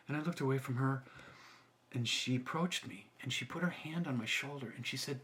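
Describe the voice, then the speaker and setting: A man's voice: medium pitch, fast talker, fairly bright tone. A middle-aged male teacher telling a personal story to camera in an earnest, reflective way.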